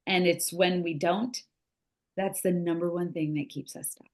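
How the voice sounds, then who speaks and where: A woman's voice: fairly low pitch, steady tone, a little slow. A middle-aged woman from the United States, a grief recovery specialist talking through ideas in a casual podcast conversation, earnest and illustrating points with little examples. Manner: earnest, explains with acted-out examples.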